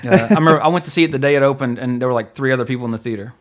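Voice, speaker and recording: A man's voice: mid-range voice, racing. Male podcast host, casual, chatty, filler-heavy delivery. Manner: rambling, filler-heavy, laughs easily.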